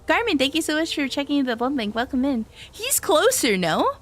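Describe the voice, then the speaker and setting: A woman streamer commentating a horror game live, reacting loudly and swearing often as she chats. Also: high voice, moderate pace, a little hiss or hum. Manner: loud animated reactions, frequent swearing; chatty, thanks viewers in passing.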